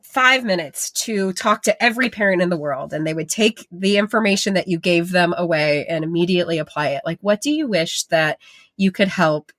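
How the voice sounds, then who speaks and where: A woman's voice: fairly low pitch, fairly quick, fairly bright tone. A woman hosting a podcast, reflecting on her guests' points and asking follow-up questions. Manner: reflective, affirming, frequent "like". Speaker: podcast host. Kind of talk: casual interview chat.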